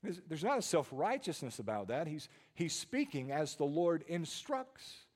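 A man, preaching a sermon with dynamic swings from hushed tones to loud emphasis and frequent repeated words. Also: a little high, sing-song, measured pace. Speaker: pastor.

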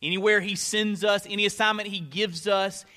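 A man preaching a sermon as a pastor, swinging between loud emphatic lines and hushed ones, often repeating words as he starts a phrase. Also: high-pitched, steady tone, moderate pace.

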